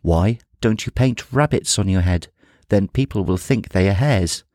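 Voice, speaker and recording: A man's voice: on the low side, unhurried, dark tone, no room sound, studio quality, lightly acted. A man doing a kindly lady giraffe. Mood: helpful. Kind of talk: storybook reading.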